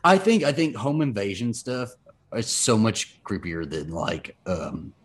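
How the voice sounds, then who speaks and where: A man's voice: lowish voice, lively intonation, unhurried, husky. A man co-hosting a casual podcast, talking loosely with fillers and some swearing. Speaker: podcast co-host. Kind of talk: casual chat.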